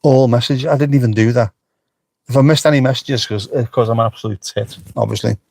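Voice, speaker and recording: A man's voice: mid-range voice, steady tone, brisk, gravelly, darkish tone, no room sound. A middle-aged man chatting casually on a livestream, joking and swearing freely as he answers the chat. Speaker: livestream host. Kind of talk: casual live-stream chat.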